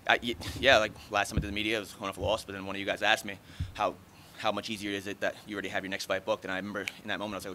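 A fighter in his thirties, his voice fairly low and his delivery flat, takes reporters' questions after the fight over a noisy background. He's fast, chatty and blunt, swearing freely through casual answers.

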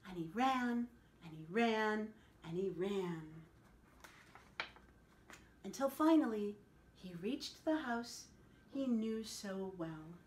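A woman telling a picture-book story to children, animated and asking them questions along the way. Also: mid-range voice, takes it slowly, pauses often. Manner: animated, asks the listeners questions. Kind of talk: picture-book read-aloud. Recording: echoey room.

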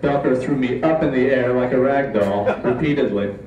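A man telling a comic true story on a live stage, with a deadpan, mock-dramatic delivery. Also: medium pitch, moderate pace, dull audio, slight background noise. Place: live stage before an audience. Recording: echoey room, distant mic, faint ambience.

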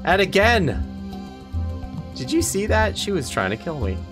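Excitable man narrating gameplay over music. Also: high-pitched, measured pace. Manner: excitable, exclaiming, self-mocking. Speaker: gaming channel host. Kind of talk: let's play commentary. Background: game music.

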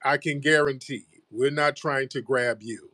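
A man's voice: medium pitch, steady tone, moderate pace, pushed and bright, dry recording, clean studio sound. A man hosting a live stream, mocking and taunting a caller in a heated argument and repeatedly calling her "ma'am". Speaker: livestream host.

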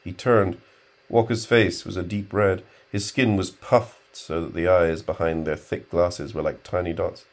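Deep-voiced male audiobook narrator. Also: steady tone, measured pace. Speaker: audiobook reader.

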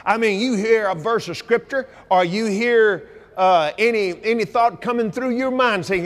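A man preaching a sermon at a convention, folksy and animated, sometimes shouting and leading the crowd in repeating lines. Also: high-pitched, normal speed, hardly any pauses. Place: large convention hall. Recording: long hall reverb.

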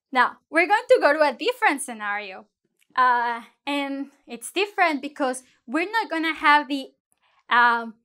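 A woman with a high, bright-pitched voice teaches a lesson online. She is playful and lively, moving easily between English and as she explains. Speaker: Spanish teacher.

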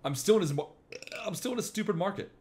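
A man giving casual gameplay commentary, excitable and jokey, with sudden swearing outbursts. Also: sits high, fast talker. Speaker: gameplay streamer.

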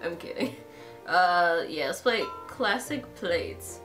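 A young woman narrates a dating-game playthrough in a casual, swinging voice that jumps all over her pitch range. She is excitable and crude, swears freely, and loud game music plays in the background. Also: slow. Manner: excitable, crude, profane fangirling. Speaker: gaming channel host. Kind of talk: casual let's-play commentary.

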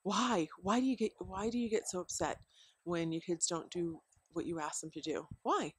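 This homeschooling parent, filming herself by the deck where the chickens roam, offers loose, chuckle-filled parenting tips packed with fillers. She speaks at a moderate pace in a lowish, breathy voice, and the recording has no room sound.

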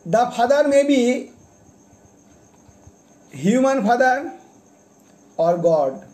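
A man, a poet, reciting his own poems, announcing each title and page number deliberately and repeating them, then explaining each poem. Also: very high voice, very animated, warm tone. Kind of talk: poetry recitation.

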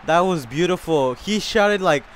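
A young man commentating his own soccer video game live, excitable and swearing, whooping and yelling at big plays. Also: sits high, moderate pace. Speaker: gamer.

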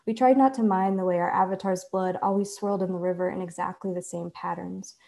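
A woman author reading her own fiction aloud in a measured, deliberate way. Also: fairly low pitch, fairly even intonation, gravelly, mellow. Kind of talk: literary reading.

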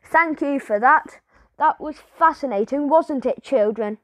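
A woman's voice: high voice, measured pace, a bit bright, dry recording, voice pushed up. A woman doing an upbeat male teacher. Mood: cheerful. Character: male schoolteacher, upbeat and coaxing.

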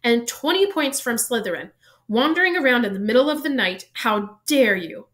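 A woman's voice: on the high side, lively intonation, a little slow. Woman playing a stern scolding old teacher. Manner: sharp, scolding. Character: stern older female teacher, strict and outraged.

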